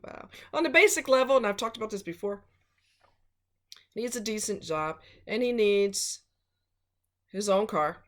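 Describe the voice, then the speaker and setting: A woman's voice: mid-range voice, moderate pace, pauses often, a bit bright. A woman vlogger giving blunt relationship advice in a casual, emphatic monologue.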